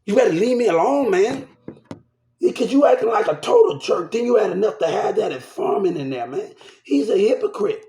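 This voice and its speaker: Agitated man ranting, gravelly voice. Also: sits high, animated, a little fast, mellow, echoey room. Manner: agitated, repeats phrases, swears. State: upset, shaken. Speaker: vlogger. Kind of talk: angry rant to camera.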